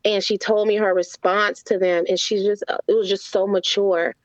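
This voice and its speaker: Woman, interview guest, animated storyteller, slightly dull lo-fi dry sound. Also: mid-range voice, normal speed, no room sound. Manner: animated storyteller who acts out the quotes in her stories. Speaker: guest, mother and nurse.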